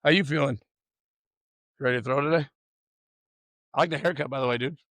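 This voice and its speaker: A man coaching young pitchers through a warm-up, loud and upbeat, teasing the players between drills. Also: a little fast, no room sound.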